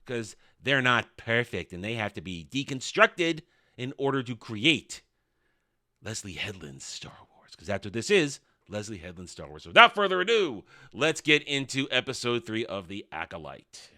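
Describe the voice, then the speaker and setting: A man's voice: medium pitch, big pitch swings, normal speed, bright, forceful tone. A man reviewing a TV episode in an opinionated monologue, blunt, sarcastic and dismissive. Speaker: TV show reviewer.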